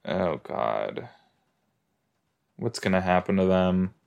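A man's voice: sits low, sing-song, slow pace, creaky, darkish tone, smooth, muffled recording. A man hosting a podcast, reacting aloud with gushing exclamations and laughs while watching a TV episode. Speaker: podcast host.

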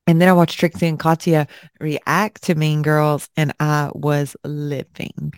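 A woman co-hosting a casual chat show, brash and quick with profanity-laced asides. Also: sits low, little pitch movement, dry recording, studio quality. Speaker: podcast co-host.

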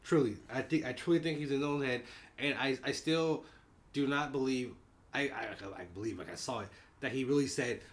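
A man's voice: mid-range voice, brisk. A man co-hosting a podcast, ranting about basketball in casual, heavily profane talk. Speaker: podcast co-host. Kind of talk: casual sports chat.

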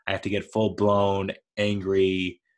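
Man, thirties, casual solo monologue, rambling, self-deprecating, soft-spoken, somewhat low voice. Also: monotone, a little slow. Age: 30s. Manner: mild-mannered, never yells.

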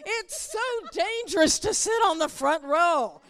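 A woman with a high voice preaches a sermon in a church, teasing the front row and acting out quoted voices. Her manner is playful and lively. A long reverb hangs on her voice, as in a large hall. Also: takes it slowly. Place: church sanctuary.

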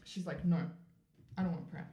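Woman from South Africa, podcast guest. Lowish voice, animated storyteller, lots of "like", roomy echo. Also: normal speed. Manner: animated, acts out quoted voices, frequent "like" fillers. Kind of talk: storytelling in a casual interview. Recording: roomy echoey room.

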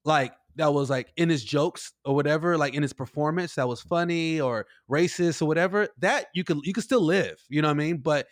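A man in casual podcast banter, his voice sitting a little high. He talks animatedly and slips into quoted voices as he tells a story. The sound is dry and close. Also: brisk, few pauses, no echo. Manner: animated, acts out quoted voices, says "bro" a lot. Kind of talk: casual chat.

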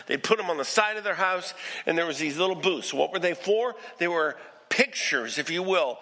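A male pastor preaching a sermon, storytelling with lively delivery and acting out quoted voices. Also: high voice, big-room sound.

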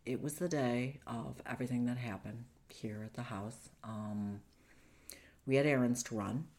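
A woman recounting a painful personal story in an interview, speaking earnestly and haltingly. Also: extremely low pitch, darkish tone. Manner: earnest, halting, with frequent fillers and restarts. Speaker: guest recounting domestic abuse.

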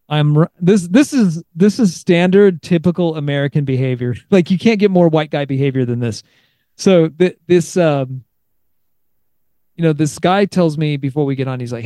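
A young man hosts a casual podcast chat, spinning animated stories with frequent laughs and restarts. His tone is mellow and dark, and the sound is close and dry. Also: a little high, smooth, no echo. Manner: laughs often, animated storytelling with many restarts. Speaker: podcast host.

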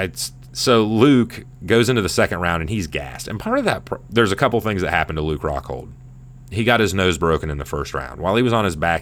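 A man in his thirties talks casual sports in a low, deep voice. He rambles and swears as he tells the story with animation. A faint hum runs under the recording. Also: a bit bright. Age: 30s. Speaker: podcast host.

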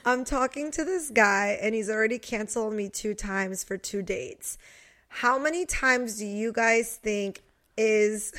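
A young woman co-hosting a casual podcast chat, candid and expressive, laughing as she tells dating stories. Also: on the high side, measured pace. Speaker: podcast co-host.

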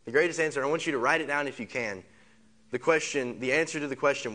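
A pastor preaches a sermon, talking fast with a medium pitch and a bright, forceful tone. He repeats phrases, stacks up rhetorical questions and leads the congregation in call-and-response, having them say lines back.

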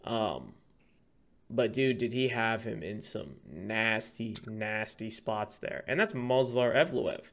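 A man co-hosting a casual fight-betting podcast, excitable and profane, hyping up his picks. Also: on the low side, takes it slowly, vocal fry. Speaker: podcast co-host. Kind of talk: casual chat.

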